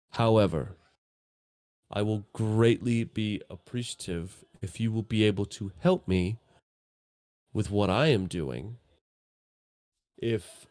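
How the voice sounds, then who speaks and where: A man's voice: lowish voice, darkish tone, dry recording. A man voicing a tall elven woman archer who speaks in a stiff, formal way.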